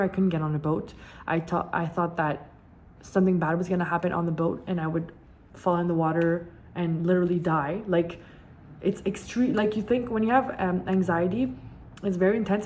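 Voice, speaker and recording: A woman's voice: lowish voice, darkish tone, slight background noise. Candid young woman telling her story. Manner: candid, emphatic, repeats words for emphasis. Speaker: vlogger. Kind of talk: casual personal storytelling.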